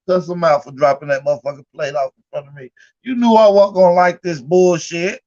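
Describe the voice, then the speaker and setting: A man's voice: fairly high pitch, a little fast, a little mellow, muffled recording. A man hosting a casual livestream, telling stories in a loose, profane, laughing way. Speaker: livestream host.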